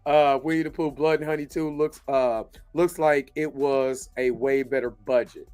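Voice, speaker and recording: A man's voice: mid-range voice, fairly even intonation, moderate pace, a little mellow, clear, resonant tone, faint music behind. A man hosting a podcast in casual, joking chat, laughing often. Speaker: podcast host. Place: lives in Kansas City.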